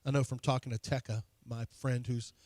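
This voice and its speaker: A man's voice: mid-range voice, little pitch movement, darkish tone, no room sound. A man co-hosting a sports talk radio show, bragging and teasing in casual banter from the studio. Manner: boastful, teasing, quick retorts.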